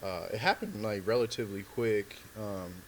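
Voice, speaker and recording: A man's voice: on the low side, normal speed, a little hiss or hum. A man, a comedian guest on a podcast, telling a story in loose, slangy talk full of filler words. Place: podcast studio.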